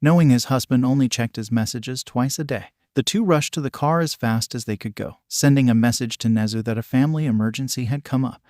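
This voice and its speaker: A man narrating a fan fiction story in a steady, earnest reading. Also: mid-range voice, brisk, few pauses, no echo, clean studio sound.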